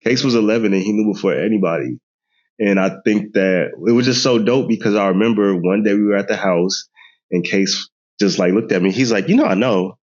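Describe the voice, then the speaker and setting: A low-pitched man in his thirties tells a family story on a podcast, animated and laughing often, slipping into voices of relatives. The sound is dull and lo-fi. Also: brisk. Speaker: podcast guest. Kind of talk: casual storytelling chat.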